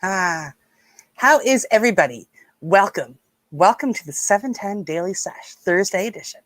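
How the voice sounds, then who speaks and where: A woman's voice: mid-range voice, animated, moderate pace, no room sound. Woman, live-stream host, rambling friendly chat, mid-range voice, dry close sound. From Nova Scotia, Canada. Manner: chatty and rambling, greets viewers by name. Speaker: livestream host.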